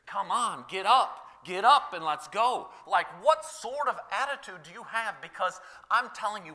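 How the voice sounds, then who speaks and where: A high, lively male voice preaching in a church, swinging widely in pitch as he talks. His tone is very bright and sharp, and he keeps it loose and chatty, dropping in "you know" and short laughs. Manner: conversational, animated, lots of "like" and "you know", laughs often. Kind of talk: sermon.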